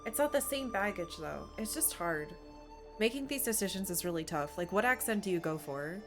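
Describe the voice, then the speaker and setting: A woman's voice: mid-range voice, lively intonation, moderate pace. A young woman from Appalachia chatting while streaming a game, rambling with lots of fillers. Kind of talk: casual gameplay commentary. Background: faint game music.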